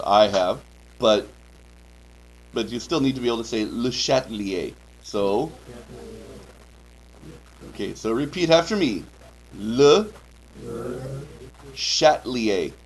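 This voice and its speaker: A man's voice: mid-range voice, low-quality recording. A man teaching a chemistry class, lecturing with frequent "okay" checks and dry joking asides. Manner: drills key terms, frequent "okay" checks. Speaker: high school chemistry teacher.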